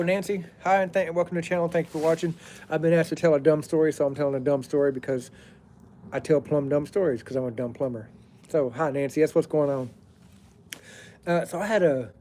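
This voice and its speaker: A man's voice: fairly high pitch, darkish tone, a little hiss or hum. A middle-aged man telling a rambling story outdoors beside a fire, breaking off to greet viewers by name. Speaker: plumber telling stories on a live stream.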